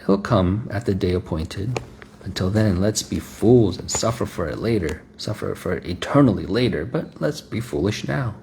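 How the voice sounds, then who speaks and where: A man's voice: on the low side, lively intonation, normal speed, a little mellow, slight background noise. A man voicing a coaxing temptress. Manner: smooth, coaxing, mocking.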